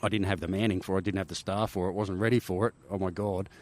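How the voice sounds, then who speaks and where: Deep-voiced Australian man telling stories. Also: fairly even intonation, quick pace, darkish tone. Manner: rambling with restarts and frequent "right?" tags. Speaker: podcast guest, army helicopter veteran. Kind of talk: casual interview storytelling.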